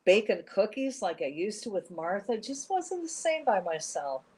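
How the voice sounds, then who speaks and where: A woman's voice: mid-range voice, very animated, normal speed, darkish tone, husky. Woman reading as a kindly, folksy old shopkeeper. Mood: gentle. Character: kindly old male shop owner.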